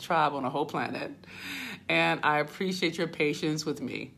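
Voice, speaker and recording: Woman host, casual livestream patter, bright and forceful tone, phone mic at arm's length. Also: sits low, moderate pace, gravelly. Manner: chatty, fussy, laughing, talks to viewers by name. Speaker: business mentor hosting a livestream. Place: hotel suite. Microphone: phone held at arm's length.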